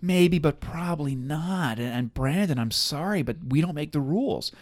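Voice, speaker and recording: A man co-hosting a casual podcast, talking in a wry, deadpan way and rambling with restarts. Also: on the high side, normal speed. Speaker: podcast co-host. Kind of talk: casual spooky chat.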